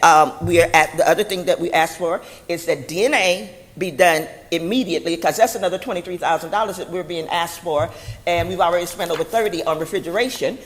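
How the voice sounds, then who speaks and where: A woman's voice: fairly low pitch, long reverb tail. A woman of seventy, a chaplain giving public comment at a board meeting, rambling and preacherly, blessing her listeners. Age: 70s.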